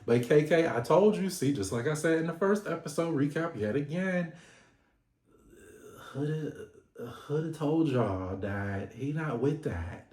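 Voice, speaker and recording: Brief: sassy male recap host, animated and loose, a bit high, echoey room. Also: unhurried. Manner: animated, sassy, laughing, swears a lot. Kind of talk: casual recap vlog.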